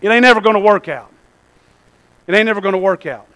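A man preaching a sermon in a church, calling "Amen?" to the congregation and swinging between shouted points and quiet asides. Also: sits high, fast talker. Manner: call-and-response, asking "Amen?". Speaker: pastor.

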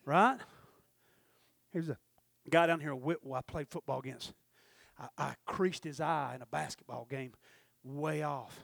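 A man preaching with a high, bright, cutting voice. He tells folksy stories, acts out what people said, and swings from shouted peaks down to near-whispers. The sound is close and dry, with no room echo. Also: creaky. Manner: folksy storytelling with acted-out dialogue. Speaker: pastor. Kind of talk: sermon.

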